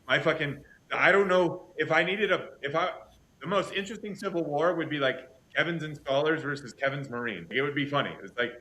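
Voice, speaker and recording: A man's voice: on the high side, a little fast, pushed and bright, a little hiss or hum. A man hosting a casual interview who swears heavily and talks in intense, emphatic rants. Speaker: podcast host. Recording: echoey room.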